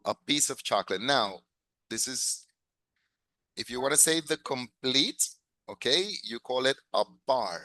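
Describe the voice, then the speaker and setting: Patient teacher. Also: male voice, medium pitch, expressive, unhurried, bright, forceful tone, dry recording, poor audio. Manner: patient, repeats and corrects words, praises students. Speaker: English teacher. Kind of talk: classroom lesson mixing English and Spanish.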